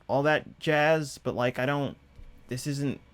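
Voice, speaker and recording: A man's voice: mid-range voice, slow pace, slight background noise. A man giving casual movie reaction commentary, incredulous and rambling with exasperated asides. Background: movie audio playing.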